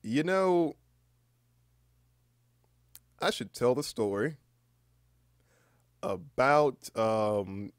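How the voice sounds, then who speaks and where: A young man hosting a casual livestream chat in a rambling, halting way, with deadpan, self-mocking humor. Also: mid-range voice, smooth, dry recording, clean studio sound. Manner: rambling and halting, with many restarts. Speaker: livestream host.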